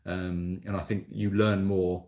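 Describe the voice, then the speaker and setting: A man's voice: sits low, flat delivery, a little slow, darkish tone, dull audio. A man hosting a casual livestream Q&A, rambling and self-deprecating as he answers viewer comments into his mobile phone. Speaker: animal sanctuary host answering viewer comments.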